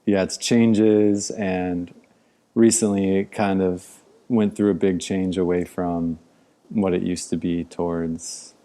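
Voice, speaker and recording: A man from the Midwest, an outdoor educator and podcast guest, speaking in a thoughtful, measured way and pausing to find his words. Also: sits low, flat delivery, warm tone. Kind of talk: casual podcast interview.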